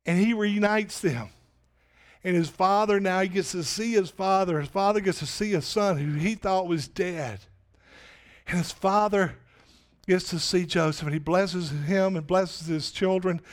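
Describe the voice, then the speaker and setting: Man, pastor, sermon, high voice, slow deliberate pace, emphatic. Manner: emphatic preaching that swells on repeated questions.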